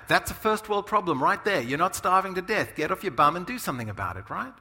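A middle-aged man preaching a sermon in a conversational, animated way, often asking "right?". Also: sits high, fast talker, hardly any pauses, long reverb tail. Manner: animated, conversational, many asides and tag questions. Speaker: pastor.

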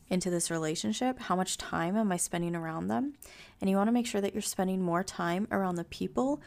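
Gravelly-voiced woman coaching with blunt encouragement. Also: on the low side, darkish tone. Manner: direct, motivational, acts out clients' complaints. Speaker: podcast host and coach. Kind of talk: solo podcast monologue.

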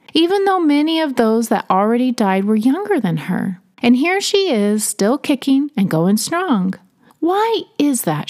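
A woman's voice: mid-range voice, darkish tone. A woman from Tennessee, telling personal stories in a chatty way and laughing between them. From Tennessee, USA. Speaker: storyteller. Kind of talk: personal storytelling narration.

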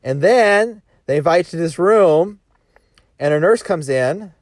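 A man's voice: on the high side, expressive, a little slow, no room sound, studio quality. A man talking casually as a sales coach, rambling with restarts and rhetorical questions.

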